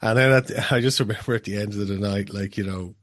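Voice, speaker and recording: A man's voice: lowish voice, steady tone, quick pace, dry recording. A man co-hosting a podcast, chatting bluntly and swearing freely. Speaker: podcast co-host. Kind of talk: casual podcast chat.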